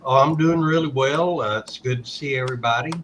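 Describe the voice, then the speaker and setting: A man's voice: mid-range voice, fairly quick, fairly bright tone, slight background noise, low-quality recording. A friendly man chatting on a livestream from a carport. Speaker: guest. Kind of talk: casual livestream chat.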